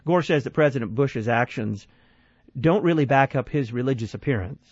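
A man's voice: mid-range voice, normal speed, a little mellow, no room sound. A man hosting a call-in radio show, questioning and commenting, repeating the phone number. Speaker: radio talk show host. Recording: dry, slightly dull studio sound.

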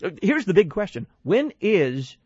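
A man's voice: high-pitched, very animated, unhurried, darkish tone, slightly rough, no room sound, highs cut off. A man hosting a call-in radio show, talking thoughtfully and emphatically and building his points in lists. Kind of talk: call-in talk radio discussion.

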